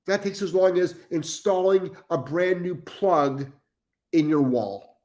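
A middle-aged man hosts a live stream as a dog trainer, reading chat comments and answering in a blunt, profane way, repeating himself for emphasis. His voice is high-pitched and slow, with a darkish tone.

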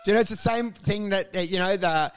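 A man's voice: high voice, fast, clean tone. A middle-aged man, a comedian co-hosting a podcast, chatting casually and animatedly, often laughing. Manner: animated, laughing, mimics others in quotes.

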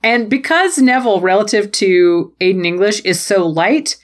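A woman's voice: medium pitch, moderate pace. Playful woman recapping wrestling. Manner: playful, jokey play-by-play with goofy put-on quotes. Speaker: podcast co-host. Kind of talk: casual wrestling recap chat.

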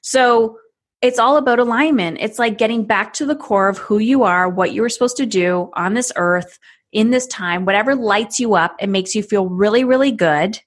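On a podcast, a woman in her thirties who works as a parenting coach speaks at normal speed in a medium-pitched voice. She's lively, acting out short scenes and switching voices as she goes.

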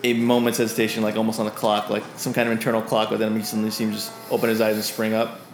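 A man's voice: fairly low pitch, completely flat delivery, racing, a little hiss or hum. Rambling male game master, echoey room. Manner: loose, rambling, full of fillers. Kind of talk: narrating a tabletop game. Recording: echoey room with faint ambience.

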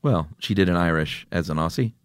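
A man's voice: sits low, a little fast, clean tone, no echo, studio quality. A middle-aged man co-hosting a podcast in casual chat, teasing his partner and laughing easily. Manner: teasing, jokey, laughs often. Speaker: podcast co-host.

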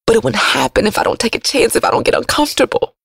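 A woman's voice: on the high side, very animated, quick pace, creaky, husky, no room sound, clean studio sound. Emotional, preachy woman radio host. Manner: emotional, preachy, swings from loud to soft. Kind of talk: motivational podcast monologue.

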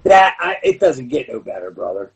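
A middle-aged man, a former pro wrestler, telling animated backstage stories in an interview. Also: fairly low pitch, moderate pace, creaky, distant mic, a little hiss or hum, poor audio. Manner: animated, acts out voices and shouts. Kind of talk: storytelling in a podcast interview.

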